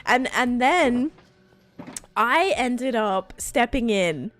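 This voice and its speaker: A woman live streaming a game, excitedly thanking viewers and rambling through stories with lots of fillers. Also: fairly high pitch, drawn-out words, no echo. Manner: rambling storytelling with many fillers. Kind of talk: casual live-stream chat while gaming.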